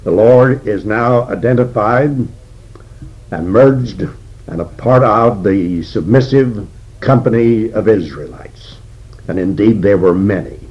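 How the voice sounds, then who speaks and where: An older man preaching an expository sermon as a Bible teacher, slow and deliberate with frequent pauses. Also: lowish voice, breathy edge. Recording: dull lo-fi recording.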